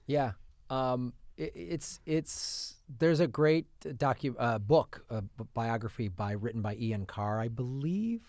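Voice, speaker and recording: A man with an ordinary middle-pitched voice co-hosting a film podcast, winding through his thoughts with restarts. The studio sound is dry and close. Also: lively intonation, takes it slowly, a little mellow, no room sound. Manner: rambling, lots of fillers and restarts. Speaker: podcast co-host, film reviewer. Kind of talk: casual chat.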